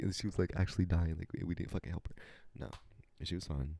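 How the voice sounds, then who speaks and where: Gravelly low-voiced young man telling a story. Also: fast. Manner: animated, profane, dramatic retelling with sudden whispers. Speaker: podcast host. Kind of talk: casual storytelling monologue.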